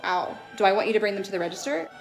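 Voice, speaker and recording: A woman's voice: medium pitch, lively intonation, racing, creaky, soft background music, low-quality recording. A woman playing an awkward, hesitant, confused shopper. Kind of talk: comedy sketch acting.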